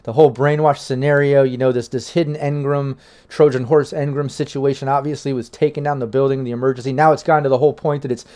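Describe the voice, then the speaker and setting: A man's voice: mid-range voice, level tone, fast, mellow. A man running a tabletop game as game master, narrating in a rambling way with many fillers and restarts.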